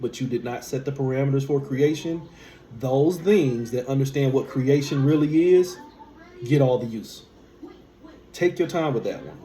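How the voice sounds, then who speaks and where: A man's voice: medium pitch, mellow. A man giving a spiritual teaching monologue, emphatic, asking rhetorical questions and repeating key phrases. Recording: echoey room with faint background hum.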